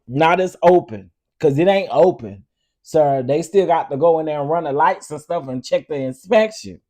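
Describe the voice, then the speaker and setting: Lively laughing male commentator. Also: a little high, moderate pace. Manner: laughs often, talks straight to viewers. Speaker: host. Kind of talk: casual commentary.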